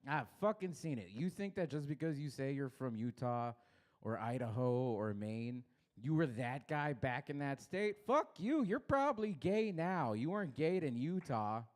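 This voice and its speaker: A young man from Los Angeles doing a crude stand-up set, baiting the crowd and swinging his pitch up and down. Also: animated, normal speed, darkish tone. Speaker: stand-up comedian. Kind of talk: stand-up set at an open mic.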